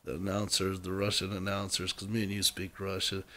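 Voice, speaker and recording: A man co-hosting a casual sports podcast, talking in an animated way and laughing often. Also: sits low, fairly quick. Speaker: podcast co-host. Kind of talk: casual chat.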